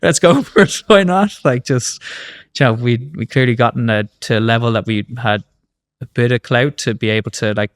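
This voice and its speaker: A man in his thirties with an Irish accent, a guest telling his story in a casual interview, animated and swearing casually, with lots of fillers. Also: medium pitch, fairly quick, clean tone. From Ireland. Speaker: guest, former rugby player.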